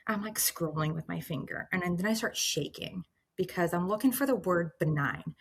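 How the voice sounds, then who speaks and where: A woman in her thirties telling her own story as a patient, animated and acting out her past reactions, close to tears at times. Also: on the low side, moderate pace, creaky, slightly rough. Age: 30s. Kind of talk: emotional personal storytelling.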